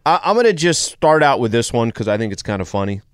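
A man's voice: medium pitch, very animated, quick pace, clean tone, no echo. Male sports radio co-host, clean resonant voice, dry close mic, easygoing. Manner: easygoing, reads listener questions aloud. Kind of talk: casual sports talk radio. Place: radio studio. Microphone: studio microphone.

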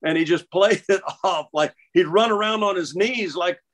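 A middle-aged man telling stories in casual conversation, halting and restarting with many repeated words. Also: sits high, fairly bright tone. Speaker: interview guest. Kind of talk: casual storytelling.

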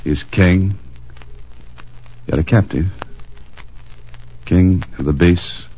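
Brisk and deep-voiced, with wide pitch swings, the actor voices a hard-boiled, wisecracking adventurer in a wry, dry style. The old radio broadcast sounds tinny, with a little hiss or hum.

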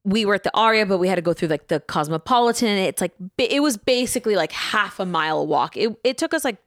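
Young woman retelling a trip, quoting everybody, mid-pitched normal voice. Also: fast. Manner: animated retelling with quoted dialogue. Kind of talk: casual chat.

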